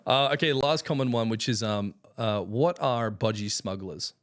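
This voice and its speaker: A man's voice: fairly low pitch, moderate pace, fairly bright tone. A man hosting a podcast, friendly and laughing easily as he explains slang. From Australia. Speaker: podcast host. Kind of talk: casual conversation.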